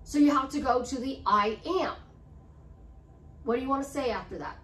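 A woman's voice: high voice, moderate pace, fairly bright tone. A woman life coach giving a motivational talk, repeating affirmations with emphasis. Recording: roomy, slightly distant mic with faint hiss.

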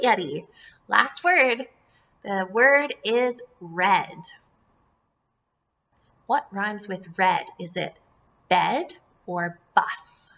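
A woman leads young children through a phonics lesson, saying each word slowly and then echoing it. Her voice bounces up and down with a lot of melody. She sounds encouraging and patient as she guides the class. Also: mid-range voice, expressive, a bit bright. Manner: slow, drawn-out word modeling, sing-song repetitions; encouraging, addresses children as friends and folks. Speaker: teacher.

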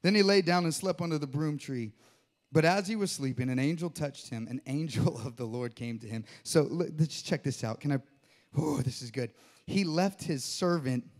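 A man's voice: a little high, moderate pace, a little mellow. A man preaching a sermon to his church, reading scripture and joking with the congregation. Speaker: pastor.

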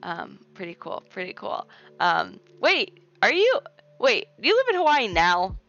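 A chatty American woman streaming live, her medium-pitched voice wandering through thoughts with plenty of "like" and "um" as she answers her chat. The audio is dull and lo-fi, with faint music playing underneath. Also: wildly swooping pitch, a little slow, a bit bright. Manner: chatty and rambling, heavy with "like" and "um". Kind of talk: casual live-stream chat, reading chat aloud. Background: faint background music.

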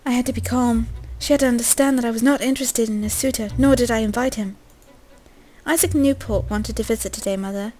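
A woman's voice: a little high, steady tone, brisk, a little mellow, poor audio. A young woman reading a story game aloud in a casual way, breaking off with swearing, jokes and coughs.

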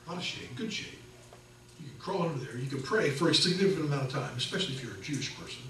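Pastor preaching in an echoey church. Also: male voice, mid-range voice, recorded from a distance, a little hiss or hum. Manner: conversational, animated storytelling with acted quotes. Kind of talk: sermon. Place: church sanctuary.

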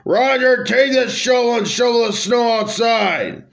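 A man's voice: very high voice, a little slow, vocal fry, fairly bright tone, voice pushed up, exaggerated voice. A bossy king who barks out orders in a raised, emphatic voice, played by a man reading his own story. Every line is a command.

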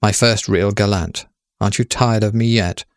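A man voicing Death as a golden-haired young woman, speaking in a measured, solemn way with pleading questions. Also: on the low side, steady tone, dry recording, clean studio sound, natural voice.

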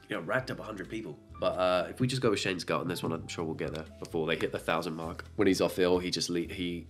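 A man's voice: sits low, fairly bright tone. A young man hosting a reaction video, making sarcastic jokes and laughing often. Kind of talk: casual commentary.

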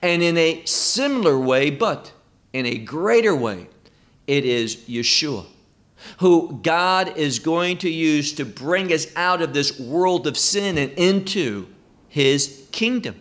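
Male Bible teacher, slightly high voice, unhurried and emphatic, explaining scripture. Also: lively intonation, a bit bright. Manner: slow, emphatic, quoting scripture verse by verse.

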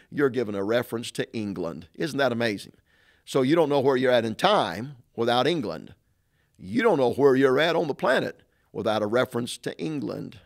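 A man's voice: medium pitch, creaky. A middle-aged male pastor preaching in an emphatic, repetitive way. He leans on rhetorical questions and circles back to the same points. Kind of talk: sermon-style teaching talk.

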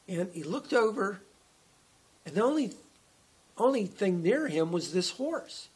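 A man's voice: high voice, lively intonation, a little slow, pauses often, slightly rough. A man preaching a conversational online sermon as a pastor, often restarting his phrases as he talks. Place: church.

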